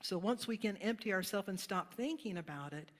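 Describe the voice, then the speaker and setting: Woman, pastor, sermon, conversational storytelling, mid pitch, echoing church hall. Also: animated, a little fast. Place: church sanctuary. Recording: reverberant sanctuary hall.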